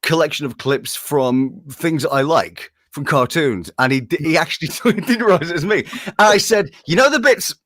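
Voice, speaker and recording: A man's voice: a little high, normal speed, hardly any pauses, no echo, studio quality. A man, a voice-over artist, telling anecdotes in a casual interview and often laughing. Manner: animated, jumps into impressions, laughs often.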